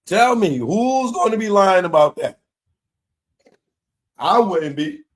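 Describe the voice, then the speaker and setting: A man, hosting a live commentary show in a casual, animated way that keeps repeating his points. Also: high voice, slow pace. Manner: animated, laughing, repeats himself.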